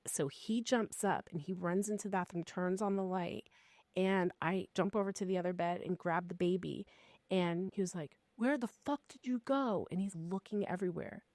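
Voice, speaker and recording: A woman in her fifties with a low, gravelly voice, telling a personal ghost story in a lively podcast chat. She swears freely and gets animated as the story builds. The sound is dry and close. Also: normal speed, dry recording. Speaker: podcast co-host.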